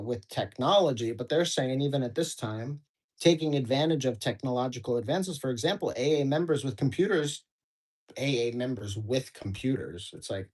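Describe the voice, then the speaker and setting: A man's voice: mid-range voice, darkish tone, breathy edge, poor audio. A man from the United States hosting a daily book study, reading passages aloud and breaking off into casual, rambling, profane commentary full of fillers. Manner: casual, rambling, swears freely, many fillers.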